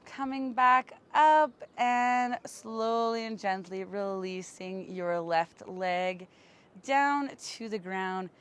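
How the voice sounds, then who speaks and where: A woman yoga teacher giving slow, gentle, soothing cues for poses and breathwork, recorded outdoors on a camera mic. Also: medium pitch, clean tone. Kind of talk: guided yoga and breathwork instruction. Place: outdoors in bright sun.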